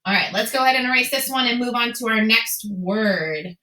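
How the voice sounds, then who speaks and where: A woman's voice: a little high, a little fast, pushed and bright. A young adult woman teaching a phonics lesson to young children, asking questions and cheerfully answering them in a sing-song way. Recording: echoey room.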